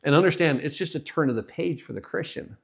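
A man preaching a sermon, telling a story with his voice rising and then dropping almost to a hush. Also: a little high, lively intonation, fast, vocal fry, breathy edge. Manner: storytelling, voice swells and drops to near hush.

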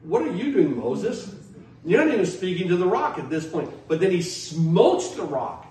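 A man's voice: high voice, sing-song, moderate pace, mellow. Preaching man in an echoey hall. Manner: emphatic, repeats and restarts, asks the congregation questions. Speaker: pastor. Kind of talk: sermon. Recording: echoey hall, mic at a distance, faint noise.

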